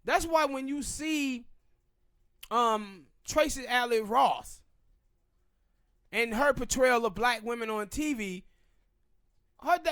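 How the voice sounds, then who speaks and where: High-voiced Southern man ranting. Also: sharp tone, no echo, clean studio sound. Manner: emphatic, ranting, drawn-out pauses. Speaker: podcast host. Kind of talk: opinionated casual commentary.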